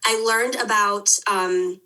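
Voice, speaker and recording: A woman in her thirties, a dietitian guest, telling her story in animated conversation and acting out what others said. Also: medium pitch, slow. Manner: animated, acts out others' words in quotes.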